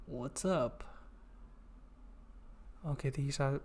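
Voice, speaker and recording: A man in a casual live-stream chat, playful and self-mocking, apologizing often and trailing off into drawn-out fillers. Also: on the high side, fairly even intonation, a little mellow.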